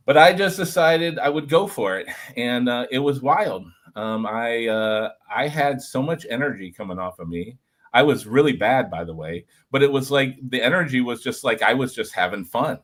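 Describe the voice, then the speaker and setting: A former reality show contestant, a man, telling an animated story to a group, talking with lots of fillers and "like". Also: medium pitch, normal speed. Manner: energetic, filler-heavy, lots of "like".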